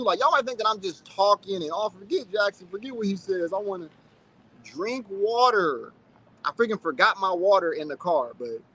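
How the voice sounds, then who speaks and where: A man's voice: high-pitched, sharp tone, slightly rough. A man in his thirties hosting a casual livestream, chatting loosely and reading out viewer comments. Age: 30s. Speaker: channel host.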